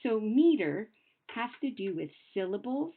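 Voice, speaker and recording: A young adult woman teacher explaining poetry to children in a patient, sing-song way, slowing down to sound out words. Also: mid-range voice, big pitch swings. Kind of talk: recorded classroom lesson. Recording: phone-like narrow sound.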